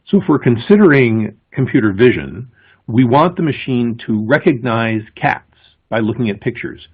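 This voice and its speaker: A man giving a conference presentation, explaining with emphasis and pausing before key words. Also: mid-range voice, animated, husky. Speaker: conference speaker. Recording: thin, phone-like lo-fi audio.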